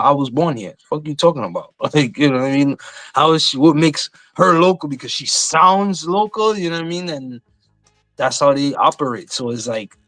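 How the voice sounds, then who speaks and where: A man's voice: mid-range voice, fairly bright tone, no echo. A middle-aged man from Saint Lucia in casual podcast chat, telling stories animatedly and swearing freely. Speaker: podcast co-host.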